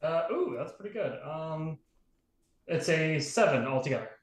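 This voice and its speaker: A man's voice: fairly high pitch, animated, normal speed, background noise. Hesitant man in an echoey room. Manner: hesitant, searching for rules aloud. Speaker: player. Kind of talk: casual tabletop play.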